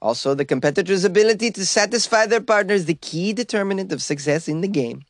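A man's voice: sits high, animated, fast, no echo, clean studio sound, voice pushed up. A man voicing a male Swedish sex-sport federation official in an exaggerated fake Swedish accent. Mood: earnest promotional. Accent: mock Swedish. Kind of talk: comic impression read-out.

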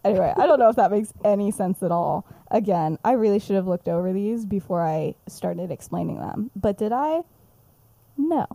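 A woman's voice: mid-range voice, animated, moderate pace, gravelly, mellow, no echo. A young woman chatting casually on a podcast, retelling a story she wrote and acting out the characters' lines with lots of giggles. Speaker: podcast co-host. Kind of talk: casual chat, retelling her own story.

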